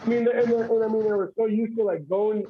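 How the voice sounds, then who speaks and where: A man's voice: sits high, steady tone, fast talker, lo-fi sound, crowd noise. A man guest chatting casually on a livestream, rambling, repeating words and laughing often. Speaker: guest arm wrestler.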